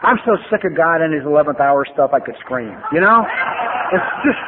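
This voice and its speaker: An older man telling his own recovery story at a meeting, blunt and profane, with wry humor and animated bursts. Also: on the high side, moderate pace, crowd noise. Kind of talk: personal testimony talk with storytelling. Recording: phone-like lo-fi archival tape with faint hiss.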